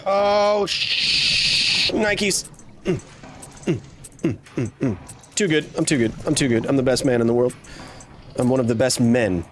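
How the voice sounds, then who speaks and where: A man's voice: mid-range voice, measured pace, pauses often, a bit bright, slight background noise. A man in his thirties giving playful, jokey live commentary while streaming a game. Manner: playful, jokey, slips into silly voices and exclamations. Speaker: gaming streamer.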